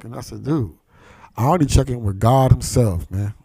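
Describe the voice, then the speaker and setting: A man's voice: medium pitch, moderate pace, creaky, dark tone, breathy edge, no room sound. A man hosting a podcast who tells street stories in a casual, profane way and acts out the voices of the people he quotes. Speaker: podcast host. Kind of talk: casual conversation, storytelling.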